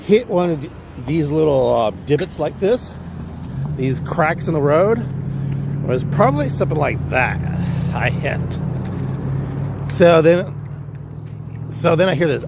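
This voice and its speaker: A man's voice: a little high, expressive, a little slow, vocal fry, long pauses, background noise. A man with a Californian accent, talking through a casual, rambling, profane story on his livestream vlog. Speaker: livestream vlogger.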